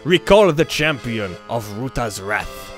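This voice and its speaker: A man voicing a courtly male bird bard in a put-on French accent, speaking slow and formal over game music. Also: big pitch swings. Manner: slow, lowered, formal recital.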